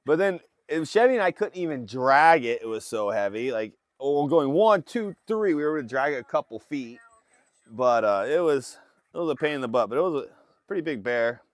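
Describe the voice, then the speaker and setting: On his fishing boat, a man from Alaska tells his live chat a story and performs his relatives' voices during a casual phone livestream. He speaks a little fast, animated, at medium pitch, with no echo present.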